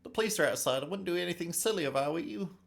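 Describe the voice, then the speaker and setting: An anxious old shopkeeper pleads in a high, thin voice, as a man puts him on. He sounds nervous and fussy, quick to argue his case. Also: expressive, creaky. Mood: pleading.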